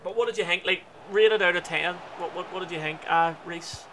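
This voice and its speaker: Northern Irish man, casual stream chat, slightly high voice, chatty, noisy background. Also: brisk, sharp tone. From Northern Ireland. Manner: chatty, swears at the game. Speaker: gaming livestreamer.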